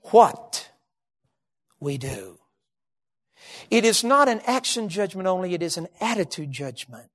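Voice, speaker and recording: A man preaching a sermon, emphatic, swinging from loud shouted peaks to low hushed line endings. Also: very animated, unhurried, long pauses.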